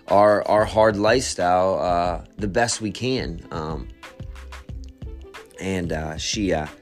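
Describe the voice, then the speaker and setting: A man telling a personal story as a testimony, speaking in a halting, reflective way and often repeating words and restarting his sentences. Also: deep voice, soft background music.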